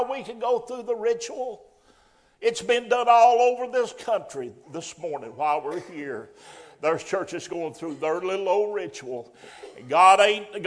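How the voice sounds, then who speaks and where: A man preaching a sermon in a folksy way, rising to loud emphatic bursts. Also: high voice.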